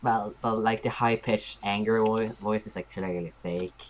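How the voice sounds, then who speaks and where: A woman's voice: rumbling low, fairly even intonation, measured pace, lo-fi sound, over a noisy crowd. A woman from Norway, co-hosting and chatting casually while drawing, with dry self-mocking humor. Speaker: co-host and artist.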